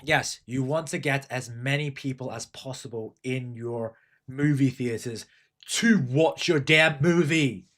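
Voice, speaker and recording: A man's voice: mid-range voice, measured pace, a bit bright. A man hosting a livestream, chatting casually, rambling and swearing, reading chat aloud. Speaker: livestream host.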